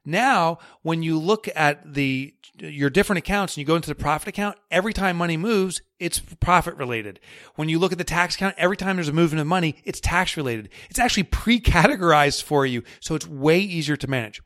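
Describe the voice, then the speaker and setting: A man being interviewed as a guest author, talking in an energetic, emphatic and jokey way. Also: fairly high pitch, quick pace, no room sound, studio quality. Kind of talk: podcast interview.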